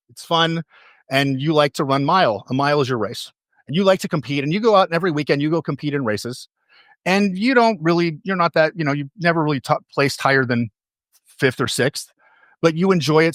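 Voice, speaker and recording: A man's voice: on the high side, a bit bright, dry recording. Man giving a dry-voiced motivational talk. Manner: repeats key phrases for emphasis; storytelling to an audience, asks questions. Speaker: motivational speaker and coach.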